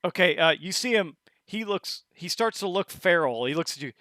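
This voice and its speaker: Game master, male, high bright voice, halting narration, dry close mic. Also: animated, dry recording. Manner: halting, with many restarts and acted quotes. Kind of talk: narrating a tabletop horror game.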